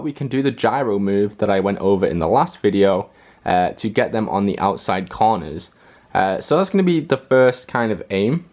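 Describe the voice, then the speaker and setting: A young man with a fairly low voice talks his way through a puzzle solve at his desk indoors. He thinks aloud, pausing often with ums and uhs. His delivery is casual and unpolished, like someone working it out in real time. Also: a little mellow. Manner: hesitant, thinks aloud with many fillers. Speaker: puzzle-solving video host.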